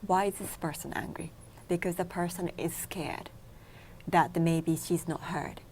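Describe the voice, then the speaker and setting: A Japanese-native woman, a meditation instructor, is interviewed in a local TV studio and explains the steps in simple English. She goes through them in numbered order with simple non-native grammar. Her voice is fairly low, darkish, steady and unhurried, with slight background noise.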